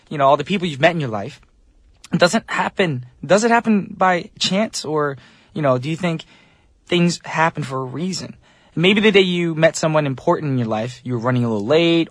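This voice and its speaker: A man's voice: fairly high pitch, a bit bright, dry recording. A man hosting a radio show as DJ, talking in a casual, upbeat, chatty way with loose fillers, from a studio microphone.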